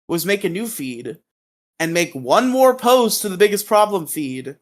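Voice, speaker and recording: A man's voice: sits high, big pitch swings, measured pace. A man co-hosting a podcast in casual chat, opinionated and swearing, laughing easily. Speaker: podcast co-host.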